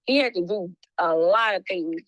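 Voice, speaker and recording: Apologetic woman talking fast with restarts. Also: on the low side, no echo, low-quality recording. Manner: animated, restarts often, slips into a playful hood voice when quoting. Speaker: private investigator guest. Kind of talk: apologetic casual conversation.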